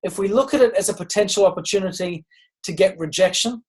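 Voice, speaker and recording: A leadership coach with a high, breathy-edged voice talks fast on a group call, captured in a low-quality recording. His motivational talk is earnest and encouraging, and he poses direct questions to listeners while often restarting with ums.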